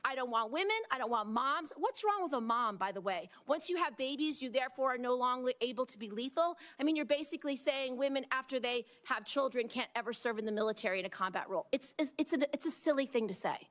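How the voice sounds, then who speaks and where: A woman's voice: high-pitched, animated, fast, hardly any pauses, fairly bright tone. A woman senator questioning a nominee at a hearing, pointed and indignant, often restarting her sentences.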